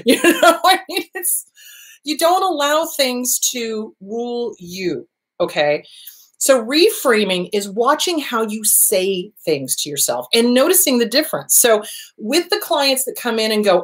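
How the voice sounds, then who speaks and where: Middle-aged woman therapist chatting, fairly high voice that swoops all over, acts stuff out. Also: a little slow. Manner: animated, acts out voices and gasps for emphasis. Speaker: therapist and show host. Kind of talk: casual advice talk.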